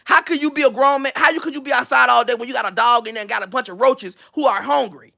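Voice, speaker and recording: Male gossip host, bright tense voice, high pitch, profane trash-talking rant. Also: quick pace, creaky. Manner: blunt, profane, mocking trash talk; repeats and restarts phrases while searching for a video. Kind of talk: ranting gossip commentary.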